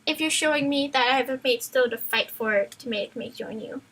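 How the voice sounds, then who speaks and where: A woman's voice: sits high, fairly quick, fairly bright tone, low-quality recording. A woman streamer reading a book aloud to friends, playful and chatty, stumbling and going off on tangents. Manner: playful, chatty, loses her place in the text. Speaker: streamer, reader.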